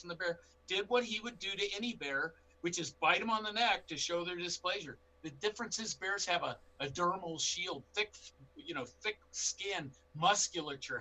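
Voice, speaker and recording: A man in middle age answers questions as a bear expert, telling lively stories and acting out what people said. His voice is very bright and sharp and sits a little high. A faint hum runs under the recording. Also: low-quality recording. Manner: animated anecdotes with quoted dialogue. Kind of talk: storytelling in a panel interview.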